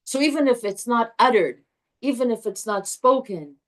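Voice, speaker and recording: A woman teaching a live Torah class to a group, animated and chatty, restarting her sentences often. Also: fairly high pitch, moderate pace.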